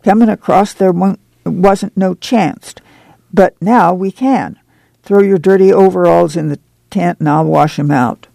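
A woman's voice: on the low side, measured pace, vocal fry, dark tone, no room sound. A man voicing a weary, guarded migrant mother who speaks in a folksy rural dialect. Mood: bustling.

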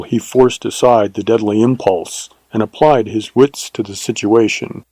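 Gravelly male reader for a western audiobook, measured and steady, dry close sound. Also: medium pitch, no echo, poor audio. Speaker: audiobook narrator. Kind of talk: audiobook narration.

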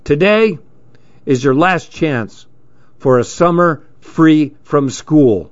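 A man's voice: a little high, animated, slow pace. A man voicing a stern, stubby, bald schoolteacher who barks clipped orders, on a dull lo-fi recording. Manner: barking orders, clipped and strict.

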